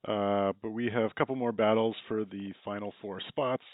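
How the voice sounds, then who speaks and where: A man moderating, briskly moving the debate to the next round. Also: lowish voice, fairly even intonation, no room sound. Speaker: moderator host. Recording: tinny phone-like line.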